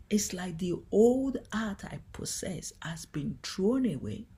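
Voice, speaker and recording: A woman giving a devotional teaching talk in a gentle, earnest and heartfelt way. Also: mid-range voice, sing-song, slow, hardly any pauses. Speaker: Christian teacher.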